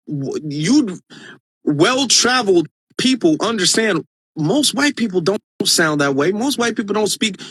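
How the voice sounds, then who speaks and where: High-voiced man hosting a casual live stream. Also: a bit bright, slightly rough, no room sound. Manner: earnest, emphatic, frequent restarts. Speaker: live-stream host reading viewer comments.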